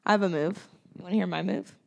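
A woman's voice: lowish voice, fast, vocal fry. Giggly woman rambling on a podcast. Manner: giggly, rambling with many fillers. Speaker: podcast co-host. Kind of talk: casual chat. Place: studio with couch. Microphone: sits back from the mic.

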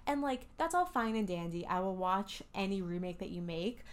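A woman's voice: mid-range voice, expressive, moderate pace. A woman co-hosting a podcast in casual chat, talking enthusiastically and candidly with some swearing. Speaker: podcast co-host.

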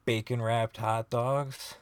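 A man's voice: medium pitch, little pitch movement, slow pace, clean tone. A man co-hosting a podcast, chatting casually in a laid-back, teasing way and playfully disagreeing. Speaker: podcast co-host. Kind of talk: casual chat.

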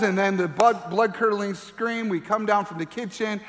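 A middle-aged man preaching from the pulpit with a fairly high voice. He tells a family story with animated delivery, acting out the voices. His words ring out with the long reverb of a large hall. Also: moderate pace. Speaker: pastor. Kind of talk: sermon with personal story.

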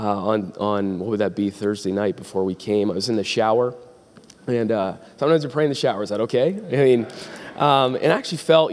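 A man's voice: mid-range voice, darkish tone. A young man preaching as a guest pastor, rambling with restarts and joking asides, then reading scripture aloud. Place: church sanctuary. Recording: long hall reverb.

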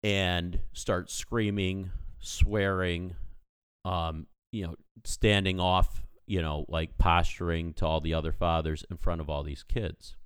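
A man's voice: low-pitched, little pitch movement, slow, clear, resonant tone, no room sound. A man in his thirties, a podcast co-host, telling a story in casual chat and animatedly acting out the people in it. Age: 30s.

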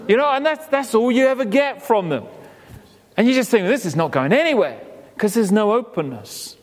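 A man preaching a sermon in a conversational way, acting out quoted voices and dropping low and quiet for emphasis. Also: very animated, normal speed. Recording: long reverb of a hall.

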